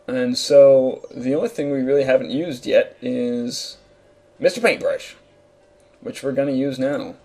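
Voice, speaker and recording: A man's voice: mid-range voice, little pitch movement, moderate pace, vocal fry, few pauses, mellow. A young man hosting a let's play, giving rambling, casual commentary full of fillers. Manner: rambling, laughing, filler-heavy.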